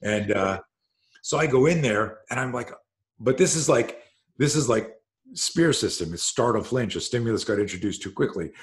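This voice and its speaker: A man from Canada telling a story on a video call, lively and swearing, acting out what people said. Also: medium pitch, moderate pace. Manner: animated, swears, acts out quoted speech. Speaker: self-defense coach and host.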